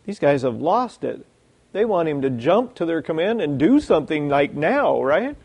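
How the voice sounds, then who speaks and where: A man preaching a sermon, reading scripture aloud and acting out the lines of the people in the story with lively energy. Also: on the high side, moderate pace, husky. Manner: animated, acts out quoted lines, reads scripture.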